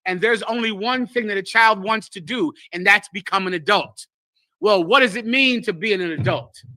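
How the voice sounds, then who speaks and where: A man's voice: high voice, normal speed, bright, forceful tone, no room sound. A man teaching scripture to a group, lecturing emphatically and acting out the voices he quotes. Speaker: religious teacher.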